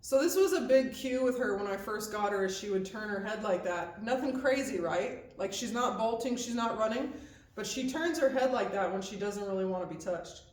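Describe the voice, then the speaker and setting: A woman's voice: medium pitch, animated, moderate pace, darkish tone. A woman horse trainer giving hands-on instruction, explaining each step and checking in with "okay?" as she goes. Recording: echoey, distant mic with faint background noise.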